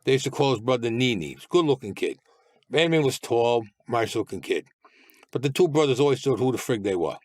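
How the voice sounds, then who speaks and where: An older man tells his stories in a blunt, streetwise way and swears freely. His voice sits at an ordinary pitch, and the recording is dry and close with no room sound. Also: expressive, brisk, a little mellow, dry recording. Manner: blunt, streetwise storytelling with profanity. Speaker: interview guest. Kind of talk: casual storytelling.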